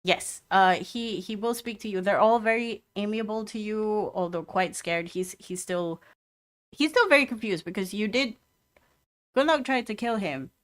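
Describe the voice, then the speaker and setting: A woman narrating as game master in a tabletop game, describing scenes in a loose, halting way. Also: mid-range voice. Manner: descriptive, with many fillers and restarts.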